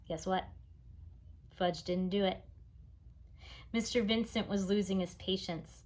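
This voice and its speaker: A woman reading a children's chapter book aloud, expressive and engaged. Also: mid-range voice, a little slow, pauses often. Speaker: reader. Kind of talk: storybook read-aloud.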